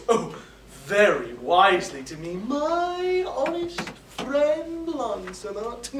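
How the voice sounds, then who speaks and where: A mischievous young male servant clowns through his lines, as a woman acts him out, his pitch leaping high and low. The delivery is unhurried. It echoes in a hall, caught from a far camera. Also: a bit bright, slight background noise. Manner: clowning, mischievous, shifting between mock voices. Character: young comic male servant torn between urges. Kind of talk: stage acting of classic verse drama.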